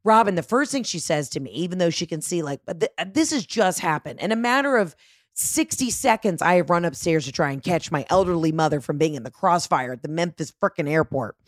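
A woman's voice: lowish voice, expressive, brisk, dry recording, studio quality. A woman telling a story in casual chat, profane, frantic and self-mocking.

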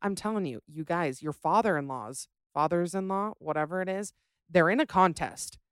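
A woman's voice: fairly low pitch, normal speed, smooth, no room sound, studio quality. Sassy ranting woman podcast host. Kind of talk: casual chat reading listener stories.

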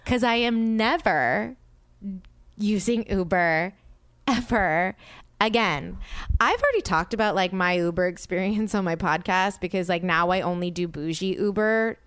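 A woman podcast host telling an animated story in casual chat, peppered with "like" and acted-out quotes. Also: mid-range voice, a little slow, clean tone, no room sound. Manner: animated storyteller, heavy use of "like"; acts out quoted dialogue with exasperation.

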